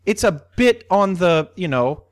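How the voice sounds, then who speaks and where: A man's voice: sits high, lively intonation, a little slow, dry recording. A man hosting a casual podcast chat, teasing and joking with his friends. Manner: playful, teasing.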